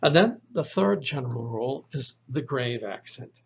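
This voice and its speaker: A man teaching biblical Greek in a slow, methodical lesson, spelling out letters one by one and correcting his own slips. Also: mid-range voice, expressive, gravelly, slightly rough. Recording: dull lo-fi recording.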